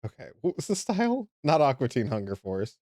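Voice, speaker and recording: A man's voice: mid-range voice, huge pitch swings, fairly quick, darkish tone, dry recording, studio quality. A man hosting a live art stream, chatting casually, laughing often and swearing wryly. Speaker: streamer artist host.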